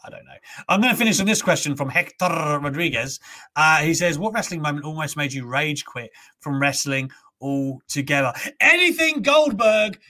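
A young man hosting a casual wrestling talk show, animated, ranting and swearing freely. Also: fairly high pitch, moderate pace. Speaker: host.

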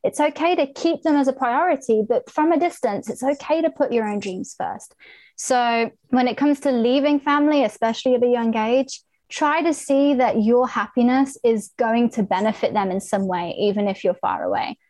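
Young woman guest, earnest and encouraging, slightly high voice, dry close sound. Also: expressive, moderate pace, a little mellow, dry recording. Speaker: podcast guest. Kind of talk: casual interview talk.

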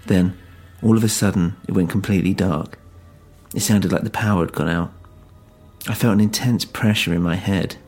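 A man narrating a first-person horror story in a grave, measured way. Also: low-pitched, a little mellow, breathy edge, faint music behind.

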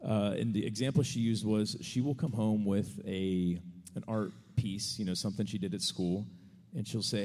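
Relaxed man telling an anecdote live. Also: fairly low pitch, moderate pace. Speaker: podcast co-host. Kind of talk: live podcast answer to an audience question. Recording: reverberant live venue.

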